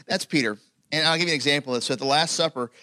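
A man's voice: on the high side, very fast, bright, forceful tone, dry recording. A man preaching a sermon in a conversational way, with many fillers, building toward emphatic points. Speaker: pastor.

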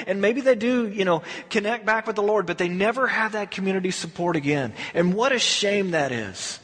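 A man's voice: high-pitched, fairly bright tone, husky, big-room sound. A man preaching a conversational sermon, telling the story and acting out what people say. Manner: conversational storytelling, acts out quotes. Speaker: pastor.

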